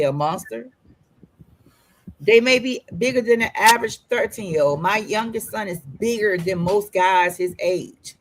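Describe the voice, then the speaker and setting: A woman's voice: mid-range voice, poor audio. A woman co-hosting a podcast, talking through tears in an emotional, emphatic way and repeating her words. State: crying. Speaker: podcast co-host. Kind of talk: casual podcast discussion. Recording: faint noise, remote call line.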